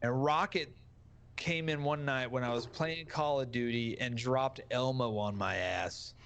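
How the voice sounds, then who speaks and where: A man's voice: mid-range voice, a little slow, vocal fry, fairly bright tone, slight background noise. A man, a guest streamer, chatting casually in a crude, jokey way with frequent swearing. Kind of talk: casual podcast chat.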